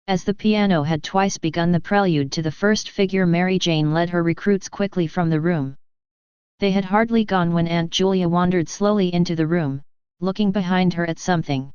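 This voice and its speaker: A woman narrating an audiobook in a measured, even reading style. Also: lowish voice, clear, resonant tone, no room sound. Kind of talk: scripted narration. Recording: slightly muffled recording.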